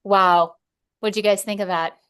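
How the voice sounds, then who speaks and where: A woman's voice: medium pitch, fairly even intonation, unhurried, fairly bright tone, clean tone. Earnest woman hosting a podcast. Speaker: podcast host, clinical director. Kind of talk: podcast introduction.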